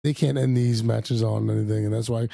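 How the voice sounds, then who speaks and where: Fast-talking man with a gravelly low voice. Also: dry recording. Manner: fast, animated, acts out wrestlers' lines. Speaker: podcast co-host. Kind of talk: casual wrestling recap chat.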